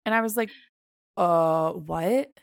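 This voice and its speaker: Young woman with a gravelly voice. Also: fairly low pitch, slow, dry recording, studio quality. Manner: animated retelling, acts out both sides of quoted dialogue. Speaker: podcast co-host. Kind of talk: casual storytelling chat.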